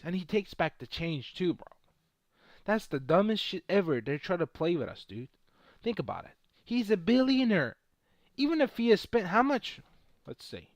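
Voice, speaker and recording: A man's voice: high-pitched, big pitch swings, moderate pace, dry recording, studio quality. A man chatting casually on a live stream while trading stocks, brash and boastful and swearing freely. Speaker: livestream host trading stocks.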